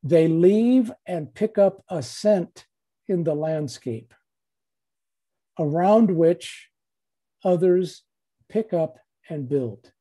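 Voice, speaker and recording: Slow, dark-toned, husky man giving a dharma talk. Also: a little high, lively intonation. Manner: measured, repeats phrases, long pauses.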